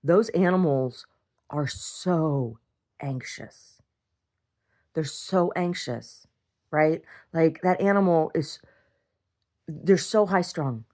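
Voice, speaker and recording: A middle-aged woman talks casually in a video diary, bluntly and with free swearing, rambling from one complaint to the next. Her voice is deep and darkish, and she speaks slowly with long pauses.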